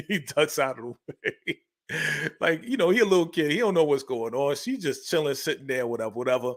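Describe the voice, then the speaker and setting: A man giving a casual, animated TV episode recap, laughing often and acting out the characters' lines. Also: on the high side, normal speed. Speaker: recap host.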